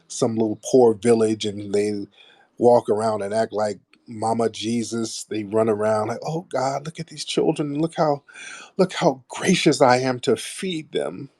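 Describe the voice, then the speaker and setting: A man's voice: mid-range voice, warm tone, no room sound. A middle-aged man hosting a radio show, talking bluntly and profanely to his listeners in a casual monologue. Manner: mocks others in put-on voices.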